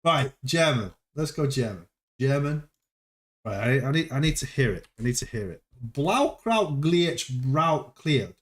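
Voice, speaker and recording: A man hosting a casual livestream, playful and quick to exclaim and laugh. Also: medium pitch, expressive. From United Kingdom. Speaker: livestream host.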